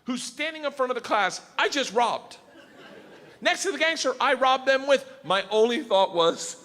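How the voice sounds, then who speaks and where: A male comedian telling a story on stage, loud and animated, laughing through it. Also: sits high, moderate pace. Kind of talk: stand-up storytelling. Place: theater stage. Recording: live hall with faint crowd noise. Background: faint audience.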